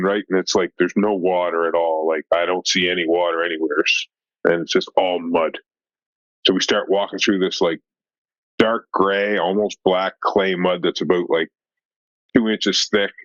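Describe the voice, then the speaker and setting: A low-voiced man spins a fishing yarn, acting out each line of dialogue and dropping "like" and "right?" all through it. The recording is muffled and lo-fi. It sounds close and dry, with no room around him. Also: dry recording. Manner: animated, acts out dialogue with lots of "like" and "right?". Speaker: fly fishing guide. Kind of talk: casual podcast storytelling.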